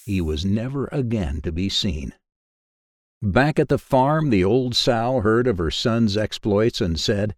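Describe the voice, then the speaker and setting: A man narrating a children's fairy tale in a measured, expressive way. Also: on the low side, dry recording, clean studio sound. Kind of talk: storybook narration.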